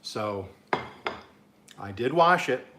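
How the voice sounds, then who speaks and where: A man's voice: medium pitch, lively intonation, very slow, noisy background. A man from Oklahoma chatting his way through a casual cooking vlog, rambling and amused at himself. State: talking with mouth full at times. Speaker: cooking vlogger.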